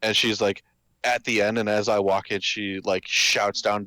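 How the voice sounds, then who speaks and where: A young man with a low, smooth, resonant voice tells a story slowly in casual chat. He halts and restarts as he goes, and the sound is dry and close. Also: flat delivery, sharp tone, no room sound. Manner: slow, halting storyteller.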